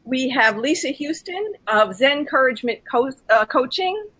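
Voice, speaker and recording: A woman moderating a live online session, introducing the other members in an unhurried way. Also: high-pitched, animated, a bit bright.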